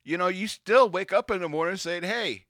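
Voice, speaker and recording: A man's voice: sits high, moderate pace, dry recording, studio quality. A man co-hosting a podcast in casual comedic chat, joking and playful. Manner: joking, playful, animated storytelling. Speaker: podcast co-host.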